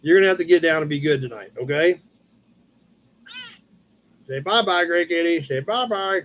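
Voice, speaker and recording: A gentle, cooing voice coaxes a pet cat with baby talk and little meows, as a man puts it on. It sits high and stays quiet and tender. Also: animated, normal speed, highs cut off, a little hiss or hum. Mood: coaxing. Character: cutesy voice talking to a pet cat.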